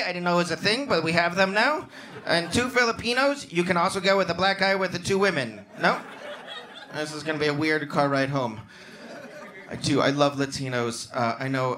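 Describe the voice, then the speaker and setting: A male stand-up comedian doing crowd work on a club stage, bantering with the audience and breaking into loud, excited outbursts. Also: high voice. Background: audience laughter and club ambience.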